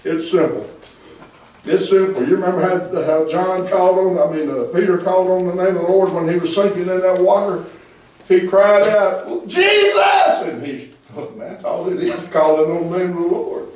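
Male pastor, fervent sermon, high voice, distant mic in a roomy church. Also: fairly even intonation, moderate pace. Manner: preaching with call-and-response, rising to shouts. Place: church sanctuary. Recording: echoey church hall from far off.

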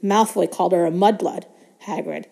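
Woman doing a hoarse, sickly schoolboy wizard. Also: on the low side, moderate pace, dark tone. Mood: indignant.

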